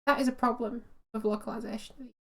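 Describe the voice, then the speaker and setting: A woman's voice: fairly high pitch, fairly even intonation, creaky. A woman streaming a game, chatting casually with viewers and laughing easily. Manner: chatty, amused, quick to laugh.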